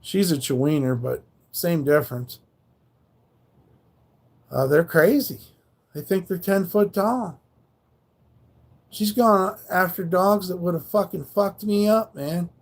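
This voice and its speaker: A man's voice: high voice, takes it slowly, pauses often. A man hosting a livestream, telling a rambling, profane story in casual slangy speech. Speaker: livestream host.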